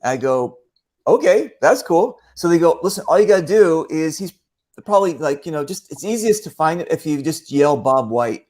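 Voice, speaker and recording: Hosting a casual online show, a man spins rambling stories full of fillers and performs other people's voices. His voice is a little high and a little mellow, sing-song, at a moderate pace.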